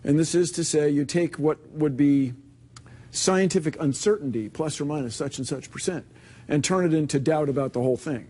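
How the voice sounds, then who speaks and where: A man being interviewed as a scientist, explaining in an animated, earnest way. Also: fairly high pitch, normal speed. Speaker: scientist guest. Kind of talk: casual interview.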